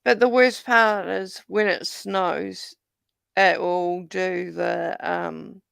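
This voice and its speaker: A man's voice: sits high, fairly even intonation, very slow, gravelly, fairly bright tone, clean tone, no echo. A man, chatting casually on a live panel and swearing bluntly. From New Zealand. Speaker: panel guest. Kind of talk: casual chat.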